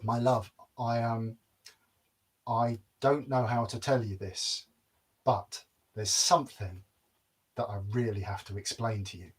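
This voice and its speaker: A man's voice: mid-range voice, fairly even intonation, unhurried, pauses often, husky, recorded from a distance. A storyteller man voicing a nervous young prince who fumbles awkwardly for words. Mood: sheepish. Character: nervous young king's son.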